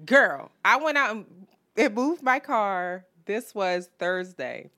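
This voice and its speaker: A woman hosting a podcast, telling stories in an animated, profane, laugh-filled casual chat. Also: mid-range voice, takes it slowly. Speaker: podcast host.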